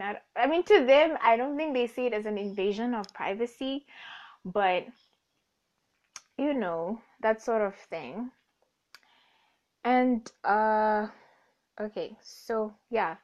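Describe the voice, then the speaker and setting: A woman's voice: mid-range voice, a little mellow. Chatty young woman, lo-fi. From Namibia. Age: young adult. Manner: rambling, self-correcting, laughs often, jokey. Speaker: podcast host. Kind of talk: casual monologue. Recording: dull lo-fi recording.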